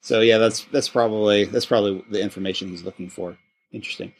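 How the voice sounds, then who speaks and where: A man's voice: fairly low pitch, fairly even intonation, fast. Rambling male podcast host. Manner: rambling, many restarts and fillers. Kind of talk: casual chat.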